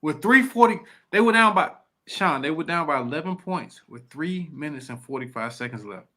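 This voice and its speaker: A man co-hosting a podcast, talking in an excitable, emphatic way with blunt, mild swearing. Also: a little high, moderate pace. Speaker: podcast co-host. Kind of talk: casual podcast talk.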